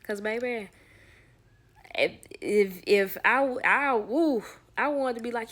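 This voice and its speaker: Woman, storyteller nanny; sassy, animated, casual storytime delivery with whispered asides. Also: medium pitch, a little slow. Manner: animated, sassy, acts out quoted people. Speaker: nanny sharing work stories.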